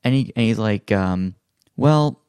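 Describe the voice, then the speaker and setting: A man's voice: on the low side, animated, brisk, gravelly, a little mellow, dry recording. A man in casual chat, telling a long story with lots of fillers and acting out other people's lines.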